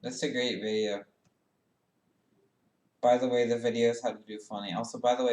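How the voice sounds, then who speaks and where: A young man chatting casually and giggling to himself while doing schoolwork at a computer, often mumbling quiet asides that trail off. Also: mid-range voice, fairly even intonation, brisk, long pauses. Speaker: vlogger. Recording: roomy echo, faint keyboard typing.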